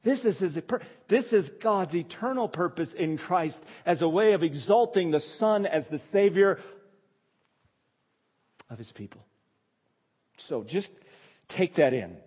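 A man's voice: sits high, lively intonation, slow, long pauses, a little mellow, husky, big-room sound. A male pastor preaching a sermon, emphatic and repeating key phrases for stress.

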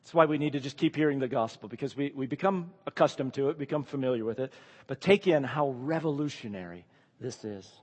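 A man preaching a sermon with earnest emphasis, often dropping to a quiet, hushed delivery. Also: mid-range voice, fast talker, slightly rough, long reverb tail. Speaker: pastor.

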